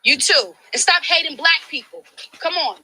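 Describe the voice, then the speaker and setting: In a street confrontation, a woman activist pleads with campaign volunteers in a passionate, preachy tone. Her extremely high voice sounds pushed and bright at a moderate pace, and the handheld phone recording is rough.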